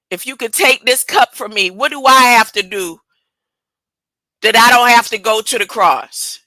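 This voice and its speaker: Woman doing a soft forgiving savior, tender, pleading, bright and dry. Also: medium pitch, dry recording, low-quality recording. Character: gentle forgiving male savior, weary before death.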